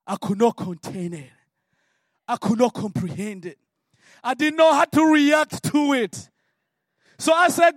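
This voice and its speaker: A man from Africa preaching a sermon and telling his own story, swinging from hushed words to shouted prayer. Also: high-pitched, dry recording, clean studio sound. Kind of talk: sermon testimony.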